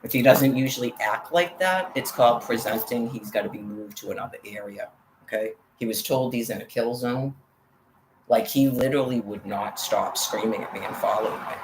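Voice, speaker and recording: Low-voiced, agitated woman in her fifties. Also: moderate pace. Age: 50s. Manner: agitated, profane ranting. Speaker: vlogger. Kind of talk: angry monologue to camera. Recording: echoey, with faint background noise.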